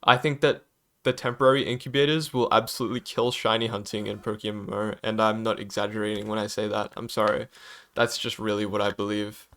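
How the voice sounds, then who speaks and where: Young man, low voice, hesitant, stammering, apologetic, unscripted gaming vlog, home mic. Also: little pitch movement, fast, fairly bright tone. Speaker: gaming YouTuber.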